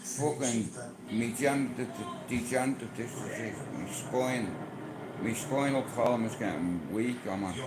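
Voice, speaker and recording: A man's voice: medium pitch, measured pace. A middle-aged Irish man hosting a podcast, telling rambling anecdotes in a blunt, foul-mouthed way. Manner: blunt, swears constantly, tells rambling anecdotes. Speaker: podcast host. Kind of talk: casual storytelling chat. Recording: echoey room with background noise.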